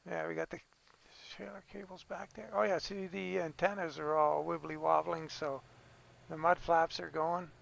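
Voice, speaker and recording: Gravelly man casually narrating gameplay. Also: fairly high pitch, flat delivery, normal speed, a bit bright, a little hiss or hum. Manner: easygoing, thinking aloud with fillers and small exclamations. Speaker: gaming video creator.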